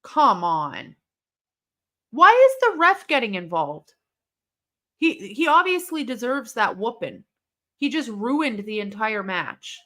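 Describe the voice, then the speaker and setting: Higher-voiced woman hosting a watch-along. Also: slow pace, long pauses. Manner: excitable, swearing, reacting aloud to the match. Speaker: livestream host. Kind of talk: live watch-along commentary.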